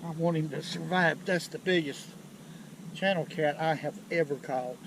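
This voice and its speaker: Excitable southern guy fishing off a lake bank, kinda high voice, loud outdoor noise. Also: normal speed, vocal fry. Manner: folksy, excitable, talks straight to viewers. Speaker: fishing channel host. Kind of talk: outdoor fishing vlog commentary.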